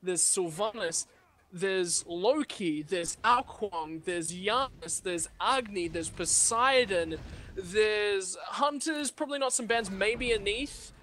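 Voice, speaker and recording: Playful British esports caster. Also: male voice, high-pitched, slow pace, pushed and bright, slight background noise. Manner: playful, theatrical announcer delivery. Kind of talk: esports commentary.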